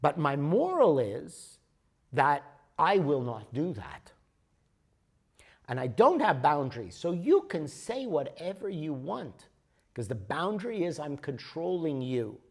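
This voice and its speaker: A man's voice: fairly high pitch, big pitch swings, takes it slowly, creaky, slightly rough. A man leading a workshop, explaining ideas patiently and often checking in with "okay?". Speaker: workshop leader. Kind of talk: workshop teaching. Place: workshop room.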